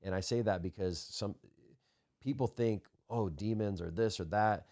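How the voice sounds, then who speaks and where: A man's voice: fairly low pitch, a little mellow. A man who is a hypnotist guest on a podcast, chatting casually, laid-back and cursing freely. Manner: laid-back, swears casually, quick affirmations.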